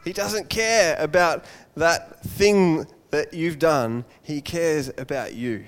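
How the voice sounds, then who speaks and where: A man preaching a Father's Day sermon, an animated storyteller who acts out the voices of his characters. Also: fairly high pitch, slow, long reverb tail.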